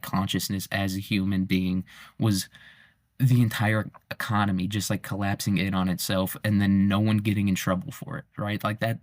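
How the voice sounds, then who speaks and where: A man's voice: fairly low pitch, a little mellow, no room sound, clean studio sound. A young man in his twenties rambling through a casual, profane monologue and laughing at his own jokes. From United States. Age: 20s. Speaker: vlogger.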